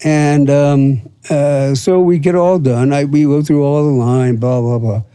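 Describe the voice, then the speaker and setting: A man's voice: on the high side, steady tone, measured pace, warm tone, clean tone, no room sound. A man in his seventies from Florida, telling long profane stories with lots of fillers as a podcast guest. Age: 70s. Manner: rambling, profane, full of fillers and acted quotes. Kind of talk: casual storytelling.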